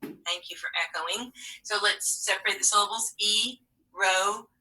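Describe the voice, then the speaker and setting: A woman's voice: mid-range voice, fairly even intonation, fairly quick, bright, forceful tone, far from the mic, a little hiss or hum, rough recording. A woman teaching a remote phonics lesson to young learners in a patient, encouraging way, sometimes dropping to a whisper.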